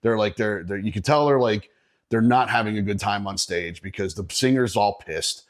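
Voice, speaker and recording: A man's voice: lowish voice, moderate pace. A middle-aged man from Northeastern Pennsylvania, a podcast guest telling a profane story in casual chat, laughing often.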